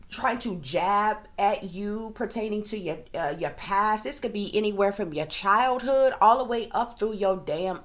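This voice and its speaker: A woman, a psychic reader and video creator, ranting to her viewers in casual, profane speech, often checking in with her listeners. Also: mid-range voice. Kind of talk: casual direct-to-camera rant.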